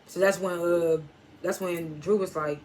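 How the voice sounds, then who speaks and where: A woman's voice: fairly low pitch, steady tone, unhurried, darkish tone, a little hiss or hum. A woman reviewing a TV episode in a casual recap, loosely retelling scenes and swearing now and then.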